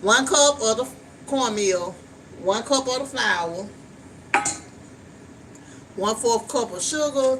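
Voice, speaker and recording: A woman's voice: fairly high pitch, measured pace, long pauses. A woman chatting frankly to viewers while she cooks in her home kitchen. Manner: chatty, frank, talks straight to viewers, swears casually. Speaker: vlogger. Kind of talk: casual chat while cooking. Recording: distant mic with steady background noise.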